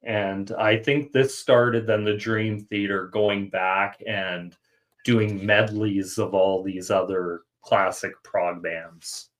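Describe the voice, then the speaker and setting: A man's voice: on the low side, little pitch movement, takes it slowly. A man hosting a music podcast, chatting casually and thinking aloud with fillers. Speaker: podcast host. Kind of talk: casual chat.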